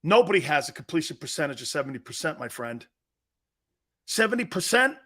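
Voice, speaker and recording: Brash, bright-voiced sports talk host. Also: male voice, fairly high pitch, big pitch swings, brisk. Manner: brash, trash-talking, loud bursts. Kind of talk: live-stream sports talk reading chat.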